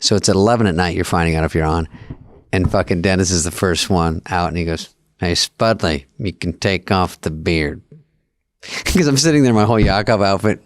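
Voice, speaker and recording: Dry low-voiced male storyteller. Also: fast talker, no room sound. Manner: dry, self-deprecating storyteller. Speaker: podcast co-host. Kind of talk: casual chat, anecdotes.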